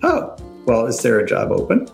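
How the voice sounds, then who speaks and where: Middle-aged male guest, halting relaxed chat, gravelly, echoey room. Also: medium pitch, soft background music. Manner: relaxed, halting, chuckles often. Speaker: TV writer and producer, guest. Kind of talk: casual interview conversation.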